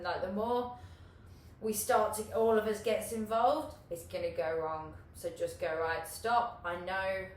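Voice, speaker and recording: A woman teaching an online hula hoop class, chatty and encouraging, swearing casually and laughing often. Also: mid-range voice. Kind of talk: live online class coaching. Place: home room, online class. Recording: echoey room, far from the mic, faint hiss.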